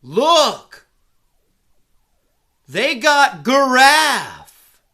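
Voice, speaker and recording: A man's voice: a little high, extremely slow, vocal fry, pushed and bright, heavily acted. A man voicing a simple-minded male zoo visitor who talks in a drawling, ungrammatical way. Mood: excited.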